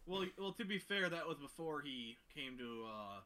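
A man's voice: fairly high pitch, animated, normal speed, bright, forceful tone. A man, a guest on a casual podcast, talking hesitantly with many restarts and jokes. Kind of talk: casual chat.

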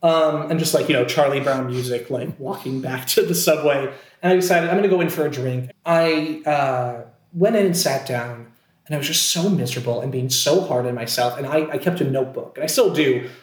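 Animated man telling a story, echoey room. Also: mid-range voice, a little fast. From Scranton, Pennsylvania, USA. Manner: animated, self-deprecating, many fillers and restarts. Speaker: actor guest telling a personal story. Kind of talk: casual storytelling chat.

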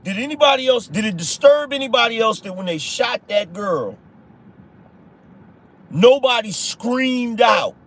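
A man with a high voice hosts an opinion podcast. He speaks bluntly and casually, swearing and driving points home with repeated rhetorical questions. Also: animated, measured pace, a bit bright. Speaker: podcast host. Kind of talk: conservative opinion commentary.

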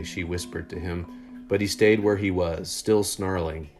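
Male storybook narrator, low voice, steady and measured, faint guitar behind. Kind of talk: storytelling read-aloud.

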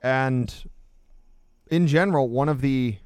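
A man with a smooth, resonant voice talks through his ideas in a casual discussion, explaining emphatically and at length. The sound is dry and close, with no room around it. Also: mid-range voice, slow pace, darkish tone, no echo. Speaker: podcast co-host.

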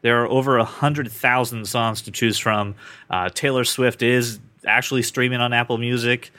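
A man's voice: medium pitch, fairly even intonation, moderate pace, bright, forceful tone, no echo. Chatty man hosting a podcast, dry sound. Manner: chatty, rambling, self-deprecating. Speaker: podcast host. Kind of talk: casual podcast chat.

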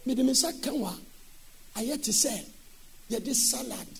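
Male preacher, animated sermon delivery, high voice. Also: moderate pace, vocal fry, slight background noise. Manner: animated, switching between speech and sung shouting.

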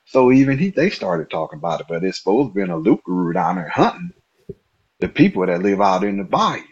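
A man from Nebraska tells a story as a podcast guest, animated and laughing often as he acts out what people said. His voice is low and husky. The recording sounds muffled and lo-fi. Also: brisk. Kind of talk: casual storytelling.

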